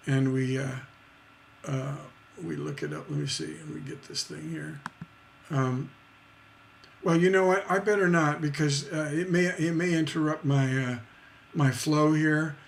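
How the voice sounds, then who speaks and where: A man's voice: fairly high pitch, creaky, a little hiss or hum. A man teaching songwriting on a live stream, chatty and rambling, with many fillers and tag questions.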